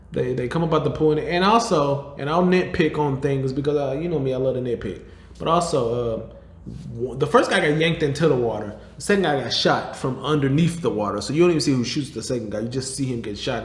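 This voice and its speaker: A podcast host casually recapping a movie, rambling, cursing and interrupting himself. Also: male voice, medium pitch. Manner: rambling, profane, self-interrupting. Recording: roomy echo.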